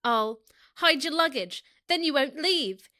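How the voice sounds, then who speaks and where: A woman's voice: animated, measured pace, heavily acted. A woman voicing a clingy, teasing young male racing driver, reading him from a story in a put-on American-sounding accent. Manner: put-on American-sounding accent, higher and louder than her own voice.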